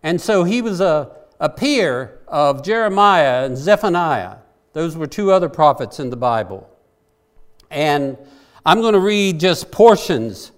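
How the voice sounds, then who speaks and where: A man's voice: a little high, clear, resonant tone. A man preaching a sermon, earnest and conversational, rising into impassioned pleas.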